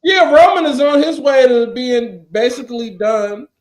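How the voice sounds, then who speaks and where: A man co-hosting a casual podcast chat, talking in animated, profane rants and quoting people in mock voices. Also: very high-pitched, unhurried. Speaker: podcast co-host.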